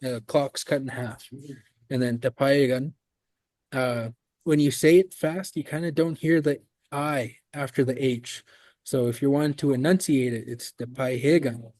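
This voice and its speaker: A man is teaching a language class, calmly walking students through words. His voice sits at an ordinary pitch. The sound is dry and close. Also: measured pace, no room sound. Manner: relaxed, explains patiently with fillers. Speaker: language instructor.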